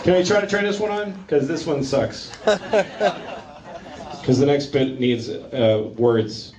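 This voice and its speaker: Deadpan stand-up comedian, lively pitch. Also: male voice, muffled recording. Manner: halting, deadpan delivery of crude bits, full of fillers. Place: comedy club stage. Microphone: handheld stage mic. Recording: roomy club, loud laughing crowd. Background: laughing audience.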